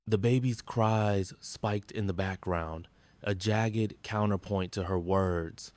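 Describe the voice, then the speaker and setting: A man narrating a dramatic story in a grim, measured, intense manner. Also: lowish voice, darkish tone.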